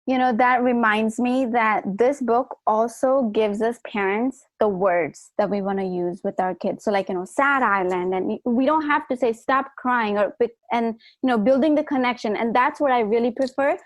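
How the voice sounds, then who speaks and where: Halting woman host, dry close sound. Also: a little high, no echo. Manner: halting, many restarts and fillers. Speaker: podcast host. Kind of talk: casual interview chat.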